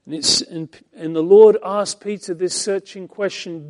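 A man preaching a Bible-teaching sermon as pastor, swinging between emphatic lines and hushed ones. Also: high voice, measured pace, few pauses.

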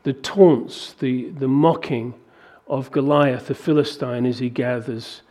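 A man preaching a sermon to a congregation, animated and acting out biblical dialogue in a raised voice. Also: mid-range voice, slow pace. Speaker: pastor.

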